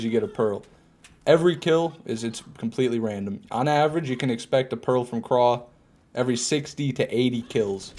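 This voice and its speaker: A man with a mid-range, slightly mellow voice streams a game live, giving casual commentary on his play. He rambles and jokes, answers questions from chat, and swears every so often.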